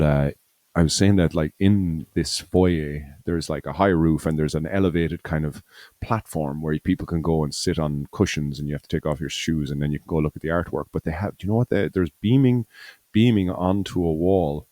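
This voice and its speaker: A very deep-voiced man rambles casually on a podcast, circling back with fillers and self-corrections. His tone is mellow and low. The sound is close and dry. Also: moderate pace, dry recording. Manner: rambling, full of fillers and restarts. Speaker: podcast co-host. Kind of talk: casual chat.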